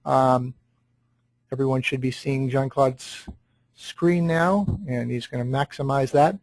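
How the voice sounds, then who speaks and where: A man hosts an online webinar and introduces the guest speaker. He fills his sentences with ums and uhs and talks at a relaxed pace. His voice sits at an ordinary pitch, with a dry sound from a computer microphone and no room echo. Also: slow. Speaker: webinar host.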